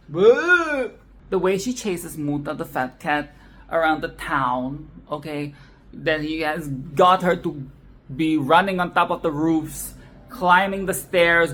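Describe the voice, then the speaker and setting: A woman's voice: low-pitched, a bit bright. A woman hosting a film commentary video, ranting in a profane, exasperated and sarcastic way. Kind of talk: casual solo film rant.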